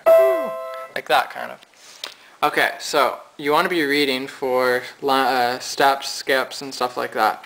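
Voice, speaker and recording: A man teaching a casual piano lesson, talking in a relaxed, low-energy way as he thinks aloud while losing his voice. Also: rough recording. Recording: piano playing behind.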